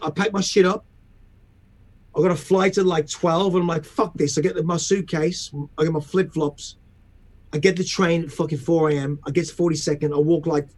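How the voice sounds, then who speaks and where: A man telling stories in casual chat, profane and animated, acting out other people's voices. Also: on the high side. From England.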